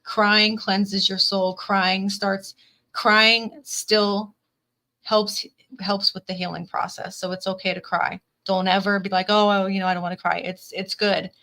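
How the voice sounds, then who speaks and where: A woman's voice: mid-range voice, level tone, measured pace, bright, forceful tone. A woman reading tarot on a live stream, who repeats her phrases and reads viewers' comments aloud. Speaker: tarot reader.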